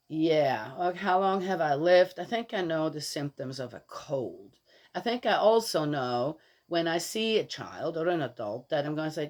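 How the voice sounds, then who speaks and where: An older grandmother rambles casually through stories in a low, darkish voice at normal speed, her intonation lively. She is chatty, opinionated, and exasperated, restarting sentences and laughing as she goes.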